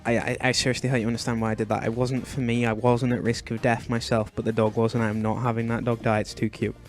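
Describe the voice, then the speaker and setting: A man's voice: level tone, quick pace, soft background music. Doting, fretful young man gaming. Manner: chatty, fretful and doting, often bursting into high shrieks. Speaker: gaming channel host. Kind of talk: Minecraft let's play commentary.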